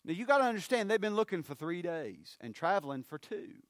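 A man, preaching a sermon. His loud, rising appeals drop to low, hushed phrases. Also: very animated, a little fast, dry recording, clean studio sound.

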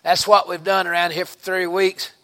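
A man with a Southern US accent preaching a fervent revival sermon in a church, breaking into sudden shouts and exclamations. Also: high voice, little pitch movement, moderate pace. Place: church sanctuary.

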